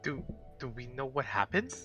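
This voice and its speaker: A man playing his character in a tabletop game, stammering and excitable. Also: mid-range voice, normal speed, muffled recording, soft background music. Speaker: player.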